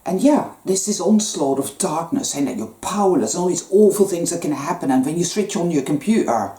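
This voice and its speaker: Woman with a low, lively voice doing a spiritual talk, earnest, swears a lot, echoey room. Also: fairly quick. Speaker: spiritual vlogger. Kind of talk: spiritual monologue.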